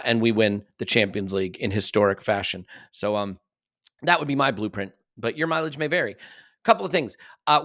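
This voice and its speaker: An American man hosting a casual podcast chat, rambling along with self-deprecating asides. His voice sits at a middling pitch and is recorded close and dry, with almost no room sound. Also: a bit bright, no echo. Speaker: podcast host.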